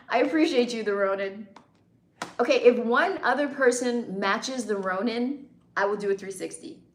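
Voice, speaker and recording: Her pitch runs on the high side as she reads chat at an ordinary pace, joking with and teasing her commenters. It's casual live-stream talk, and the room gives her voice an echo.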